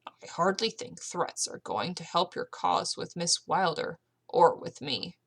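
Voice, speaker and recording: A woman's voice: on the low side, animated, measured pace, gravelly, husky, exaggerated voice. Casting: a stiff, disapproving male lawyer, voiced by a woman for a storybook reading. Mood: stern.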